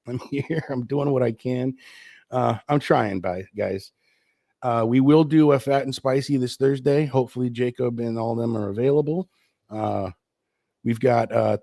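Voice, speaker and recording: A man hosting his own live stream show, sick with the flu and low on energy, chatting loosely and rambling. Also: warm tone, no room sound, clean studio sound. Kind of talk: casual live stream chat. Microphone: streaming setup.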